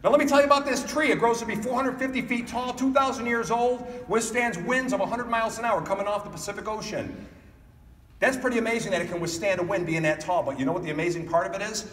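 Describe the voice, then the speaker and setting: A man with a fairly high voice tells stories during a motivational keynote and keeps putting questions to the crowd. The sound comes from a distant mic in a large hall with a long reverb tail. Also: a little hiss or hum. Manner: animated storytelling, addressing the audience directly. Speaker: keynote speaker. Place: conference hall. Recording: echoey hall picked up from a distance.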